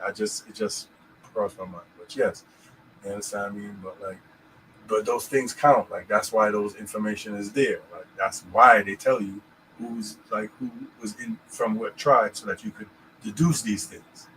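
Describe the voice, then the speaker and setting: A man's voice: fairly low pitch, normal speed, a bit bright, a little hiss or hum, rough recording. A man co-hosting a casual podcast about scripture, rambling and checking in with "you know what I'm saying". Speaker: podcast host.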